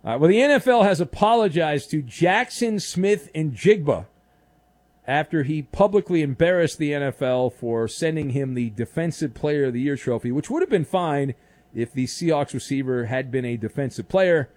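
Man, sports radio host, slightly high voice, dry studio sound, jokey. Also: normal speed, no room sound. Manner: jokey, animated, teasing. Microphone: studio microphone.

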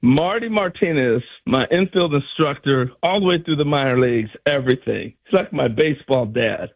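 Animated husky-voiced former ballplayer storyteller. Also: male voice, medium pitch, normal speed, phone-quality sound. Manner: animated storyteller acting out quotes. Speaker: former player turned radio analyst. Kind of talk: storytelling on a sports radio show.

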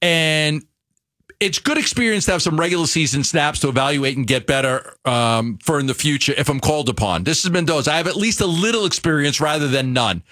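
Animated New York man on sports radio. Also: a little high, fairly quick. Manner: rambling, with many restarts and fillers. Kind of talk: casual sports talk. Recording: radio studio mic.

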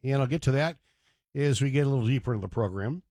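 A man's voice: medium pitch, fast, warm tone, dry recording, studio quality. A man hosting a talk radio show, rambling and digressing with joking asides. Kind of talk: casual talk radio monologue.

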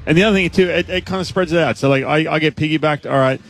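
A man's voice: a little high, racing, a little hiss or hum. Rambling man breaking down baseball. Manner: rambling, many restarts and asides. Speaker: baseball analyst guest. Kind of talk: casual sports radio chat.

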